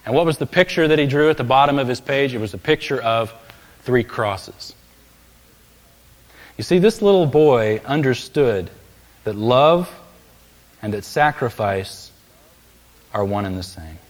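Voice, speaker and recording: In a large church sanctuary, a male preacher delivers a sermon, his mid-pitched voice trailing a long hall reverb. Speaking at a measured pace with long pauses, he builds emphatic, raised peaks on key phrases before easing back into storytelling.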